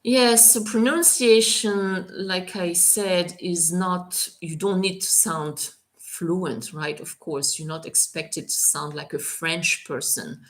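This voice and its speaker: Slow, low-voiced woman teaching French. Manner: relaxed, chatty, with frequent fillers and careful French examples. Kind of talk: live Q&A tutoring session.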